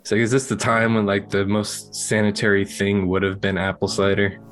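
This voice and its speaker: A man's voice: fairly low pitch, monotone, normal speed, a bit bright, faint music behind. A man talking as a player in a tabletop game, in a joking, laid-back way. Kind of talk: casual tabletop game chat.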